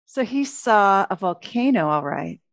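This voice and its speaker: A middle-aged woman, a relationship author, giving an interview and telling lively stories in which she acts out her own lines. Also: medium pitch, unhurried, vocal fry, no echo. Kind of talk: conversational interview storytelling.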